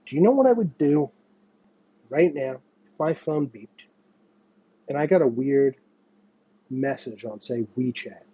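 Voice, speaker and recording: A man's voice: medium pitch, expressive, a little slow, long pauses, dark tone, breathy edge, no room sound, lo-fi sound. A man in his thirties from the United States, hosting his channel with an agitated, profane monologue that circles back on itself. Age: 30s. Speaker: channel host. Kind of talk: ranting monologue to camera.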